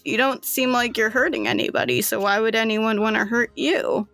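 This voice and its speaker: A woman voicing a gentle, confused young woman patient who talks softly and hesitantly. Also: a little high, sing-song, normal speed, soft background music. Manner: soft, apologetic, hesitant.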